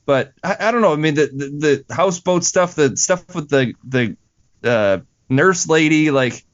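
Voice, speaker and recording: A fairly high-voiced man talks casually as a podcast co-host. He gets exasperated, swears freely and climbs into incredulous outbursts. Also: animated, unhurried, dull audio. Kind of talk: casual movie-review chat.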